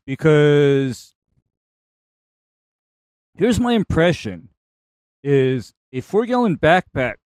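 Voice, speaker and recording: Slow, careful man explaining technique. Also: fairly high pitch, a little mellow, no room sound. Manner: measured, explains methods step by step. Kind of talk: casual technical talk.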